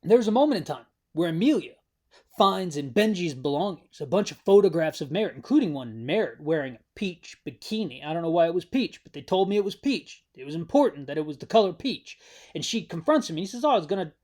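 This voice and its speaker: A man's voice: fairly high pitch, big pitch swings, fairly quick, a little mellow. A man giving a casual, rambling spoken recap of a series, wry and talking straight to the viewer. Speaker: show recap host.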